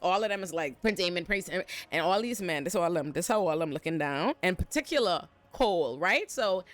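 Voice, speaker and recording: A woman hosting a casual TV recap, talking in a brash, profane, slangy and animated way. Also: fairly low pitch, fairly quick, faint music behind. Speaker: show recap host.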